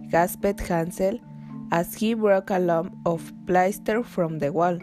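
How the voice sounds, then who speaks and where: A woman reading a fairy tale aloud in a slow, steady manner. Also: lowish voice, soft background music. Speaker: story reader. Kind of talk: storybook reading.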